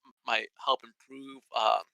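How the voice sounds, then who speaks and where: A man's voice: mid-range voice, fairly even intonation, a little slow, gravelly, sharp tone, no echo, poor audio. A man, a military veteran, chatting casually on a podcast, laid-back and hesitant with lots of fillers. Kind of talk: casual conversational chat.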